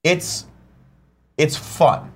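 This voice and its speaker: A man co-hosting a casual morning talk show, animated and swearing as he rants about movies. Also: very slow. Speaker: co-host. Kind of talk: casual chat.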